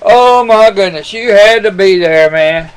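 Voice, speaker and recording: A man's voice: high voice, a little slow, clear, resonant tone, low-quality recording. A man telling a personal testimony to his webcam, rambling and earnest, calling the listener son. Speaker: webcam storyteller.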